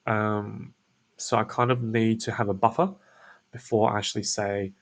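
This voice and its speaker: A man's voice: lowish voice, flat delivery, normal speed. A man hosting his own show, explaining a sales script in a casual screen-share walkthrough, laid back and full of restarts and fillers. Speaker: SEO business owner and show host.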